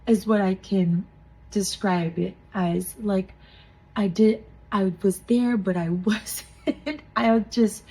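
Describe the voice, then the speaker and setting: A woman in her thirties co-hosting a faith podcast, telling a personal testimony in an earnest, emotional way with soft laughs. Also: medium pitch, slightly rough, rough recording. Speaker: podcast co-host.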